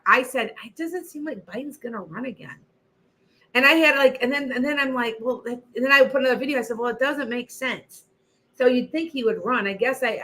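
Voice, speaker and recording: A woman's voice: on the high side, bright, forceful tone. An older woman, a retired teacher, hosting a casual livestream and chatting in a rambling way, restarting her sentences often. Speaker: psychic livestream host.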